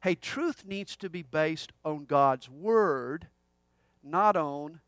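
A pastor preaching an expository sermon, emphatic and conversational with humorous asides. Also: male voice, high voice, animated, slow, dry recording, studio quality.

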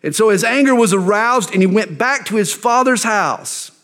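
A man's voice: high voice, expressive, moderate pace, a bit bright. A middle-aged male pastor teaching a sermon verse by verse, reading scripture and breaking into folksy, joking asides. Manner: jokey, folksy asides between read verses.

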